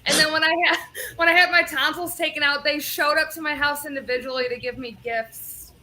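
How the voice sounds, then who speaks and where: A woman's voice: high-pitched, steady tone, a little fast, pushed and bright, low-quality recording. A woman guest in a casual group chat, telling playful, giggly anecdotes. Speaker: panel guest.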